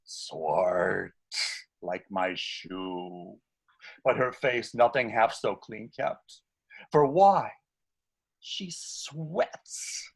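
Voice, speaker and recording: A man's voice: mid-range voice, drawn-out words, breathy edge, full character voice. An actor reading a frantic comic male servant in a live online Shakespeare scene, talking over a video call. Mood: mocking. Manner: excitable, wildly swooping delivery.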